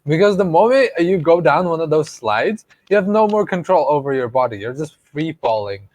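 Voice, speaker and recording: A man's voice: a little high, lively intonation, normal speed, darkish tone, no room sound. A young man, co-hosting a podcast. He teases his friend, laughs a lot and drives his points home with "okay?". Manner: teasing, laughing, emphatic "okay?". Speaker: podcast co-host. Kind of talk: casual chat.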